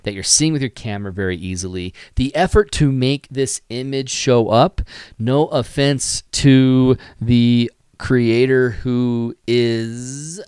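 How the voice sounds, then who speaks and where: A man's voice: medium pitch, slow pace, darkish tone, clear, resonant tone, no room sound. A man hosting a photography live stream, critiquing photos in a rambling, enthusiastic way with many fillers, sighs and yawns. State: tired, yawning.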